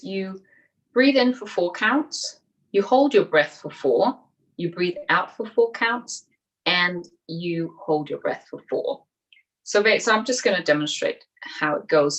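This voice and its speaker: Female speaking coach, encouraging workshop delivery, mid-pitched, recorded at a distance. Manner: lively, encouraging, acts out inner voices. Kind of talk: online workshop talk.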